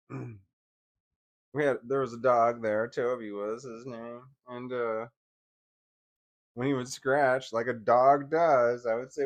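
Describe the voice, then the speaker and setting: A man in his forties casually telling personal stories, wry and laughing at first, trailing off into bitter quiet. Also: mid-range voice, steady tone, slow pace, long pauses. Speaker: vlogger.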